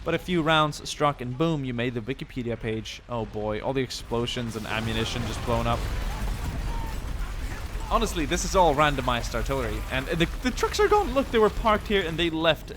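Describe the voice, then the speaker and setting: With an expressive mid-range voice at normal speed, a young man from Sweden provides joking, meandering commentary on a war game. Background noise includes loud in-game gunfire and artillery.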